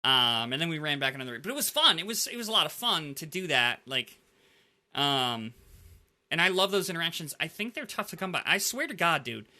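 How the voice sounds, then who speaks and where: A man hosting a casual gaming podcast, telling animated stories and filling his talk with "like". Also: fairly high pitch, fairly quick. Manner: animated storyteller, heavy use of "like". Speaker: podcast host.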